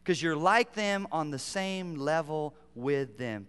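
A man preaching a sermon, telling a humorous story that swings from loud outbursts to hushed, quiet lines. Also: fairly high pitch, lively intonation, slow, few pauses, smooth, long reverb tail. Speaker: pastor.

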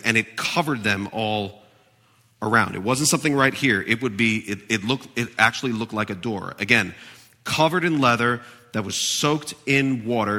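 Man preaching a sermon, bright crisp voice, gets animated, long echo off the church walls. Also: mid-range voice. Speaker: pastor.

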